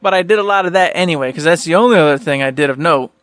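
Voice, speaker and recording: A man's voice: on the high side, racing, fairly bright tone, clean tone, no room sound. A middle-aged man co-hosting a podcast, telling an easygoing, jokey story in casual chat. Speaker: podcast co-host.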